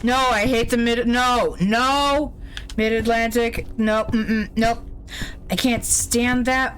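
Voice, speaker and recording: A woman's voice: on the high side, fairly even intonation, slow, fairly bright tone, slight background noise. Blunt, swearing woman streamer. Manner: blunt, opinionated, heavy swearing. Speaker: game streamer. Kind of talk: casual live-stream commentary.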